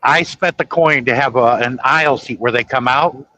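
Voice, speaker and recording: A man's voice: medium pitch, normal speed, sharp tone, rough recording. A man telling a long, rambling story in casual chat, acting out the dialogue as he goes. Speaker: guest storyteller.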